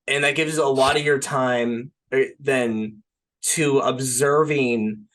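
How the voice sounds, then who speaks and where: A man's voice: mid-range voice, steady tone, slow, fairly bright tone. Rambling young man chatting about a film. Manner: rambling, filler-heavy, says "like" and "right?" often. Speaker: podcast co-host. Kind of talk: casual film discussion.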